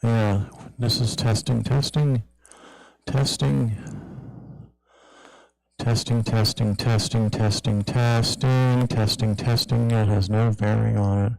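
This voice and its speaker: A man's voice: lowish voice, fairly even intonation, slow, creaky, a little mellow. A man running a casual sound check in a church, chatting and asking the room how the mic sounds, holding it near and far. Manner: chatty, asks the room questions. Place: church sanctuary. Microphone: handheld mic, held at varying distances.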